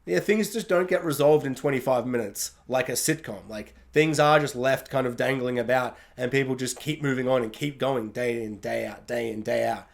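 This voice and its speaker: A man giving a casual spoken review of a TV series, chatty and animated, laughing often and talking in loose, filler-heavy sentences. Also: medium pitch, normal speed, few pauses. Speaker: YouTube TV reviewer.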